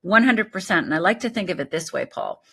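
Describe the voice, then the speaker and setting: Husky-voiced woman in her sixties. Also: fairly low pitch, quick pace. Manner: animated, tags thoughts with "right?". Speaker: guest life coach. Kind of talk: conversational interview storytelling.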